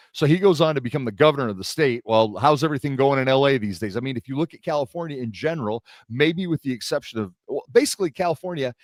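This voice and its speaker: Recorded dry in a clean studio, a medium-pitched young man from the LA area co-hosts a laid-back podcast. He narrates stories with lots of energy and imitates the people he quotes.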